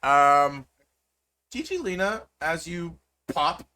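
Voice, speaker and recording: A man's voice: on the high side, sing-song, slow, pushed and bright. A man narrating as game master, rambling with many fillers and restarts.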